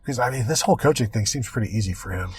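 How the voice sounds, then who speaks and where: A man's voice: medium pitch, expressive, very fast, breathy edge, dry recording. A man with a mid-range voice hosts a sports podcast in easygoing chat. He keeps tossing in sarcastic jokes and quips. The recording is dry and close-miked. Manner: joking, sarcastic asides. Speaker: podcast host.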